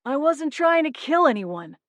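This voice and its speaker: A woman's voice: sits high, very animated, unhurried, no room sound, pitched above the performer's own voice. A woman voicing a scheming male elf who sneers and resents being passed over. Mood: resentful. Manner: sneering, scornful.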